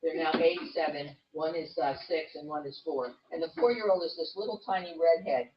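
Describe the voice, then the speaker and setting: A woman's voice: deep voice, a little fast, noisy background. Older lady telling a chatty grandkid story, sounds far off in a big roomy meeting room. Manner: chatty storyteller, self-mocking. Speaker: guest speaker. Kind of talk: humorous anecdote at a meeting. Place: meeting hall. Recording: distant echoey room, muffled.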